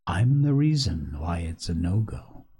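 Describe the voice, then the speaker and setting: A man's voice: sits low, very animated, a little slow, mellow, breathy edge, voice pushed down, heavily acted. A man voicing a menacing talking pig's head that mocks a boy in a condescending, schoolmasterly way, read as an audiobook. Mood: mocking. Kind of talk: audiobook reading.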